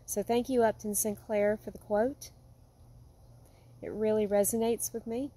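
A woman vlogging at home, talking in an earnest, heartfelt way that sometimes drifts soft and quiet. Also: mid-range voice, fairly even intonation, a little slow. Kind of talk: casual vlog monologue. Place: home with a yard.

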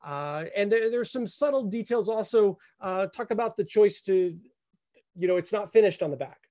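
A man's voice: sits high, lively intonation, normal speed, warm tone. A man hosting a live interview, asking thoughtful, somewhat hesitant questions with plenty of fillers. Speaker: host.

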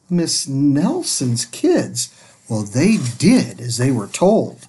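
A man, a teacher, reading a picture book aloud to children in a gentle, expressive way from a spare room at home. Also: medium pitch, slow pace, breathy edge.

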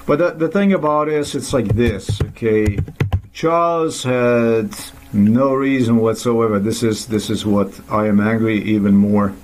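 A man's voice: mid-range voice, a little slow, a little mellow, a little hiss or hum. Man, angry profane rant to camera, rambling, mid-range voice. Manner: furious, profane, rambling with restarts.

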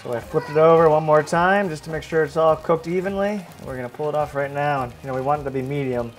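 A man's voice: fairly high pitch, fast talker. A man hosting a casual home cooking vlog, chatting easily and explaining each step as he cooks. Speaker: family fishing channel host. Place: home kitchen.

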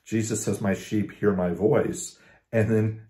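A man with a lowish, mellow voice gives a casual devotional talk as a pastor. He talks conversationally, restarts his phrases and slows down to lean on scripture. The recording has a roomy echo. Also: fairly even intonation. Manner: conversational, with frequent restarts and slow emphasis on scripture.

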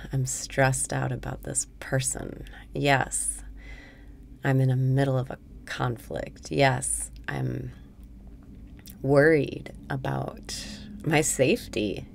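A woman leading a guided meditation in a slow, soothing way, dropping now and then into soft whispers. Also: a bass voice, vocal fry, slight background noise.

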